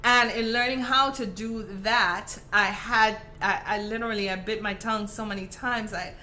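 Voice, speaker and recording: Casting note: a woman with a Caribbean Virgin Islands accent hosts a live craft stream, chatty and clear. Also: mid-range voice, steady tone, normal speed, bright, forceful tone. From Saint Croix, US Virgin Islands. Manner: chatty, talks to viewers by name with many fillers. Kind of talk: casual chat during a live craft tutorial.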